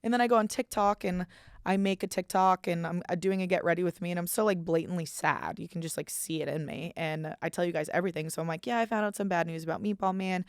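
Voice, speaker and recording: A woman's voice: fairly low pitch, steady tone, fast, smooth, dry recording, studio quality. A young woman in her twenties hosting a podcast, rambling in casual chat, self-deprecating and swearing freely. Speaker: podcast host.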